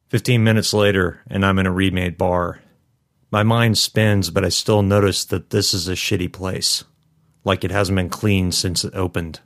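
A man narrating a first-person story in a measured, somber way. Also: sits low. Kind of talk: first-person fiction reading.

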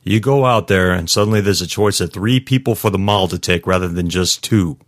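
A man's voice: low-pitched, fairly quick, no room sound, studio quality, natural voice. A man doing a grim, laid-back security chief. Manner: flat, matter-of-fact.

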